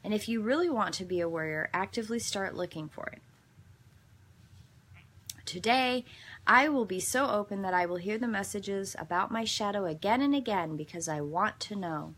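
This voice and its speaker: A woman's voice: medium pitch, animated, normal speed, fairly bright tone. Earnest woman hosting a daily devotional. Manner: earnest, meandering storytelling with self-corrections. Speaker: devotional host. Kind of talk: daily devotional reading and reflective chat.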